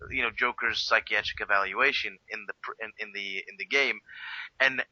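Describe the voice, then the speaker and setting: Bright-voiced rambling man. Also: fairly low pitch, fairly even intonation, normal speed, no room sound. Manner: rambling, heavy on filler words. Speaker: co-host. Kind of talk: casual review discussion. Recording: dull lo-fi home recording.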